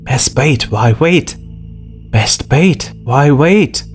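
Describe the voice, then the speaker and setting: A man's voice: medium pitch, sing-song, slow pace, a little mellow, faint music behind, voice pushed up. A man voicing a sick, crafty man who whines and snarls for a drink, in an audiobook reading. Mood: chanting. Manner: whining, snarling, pleading.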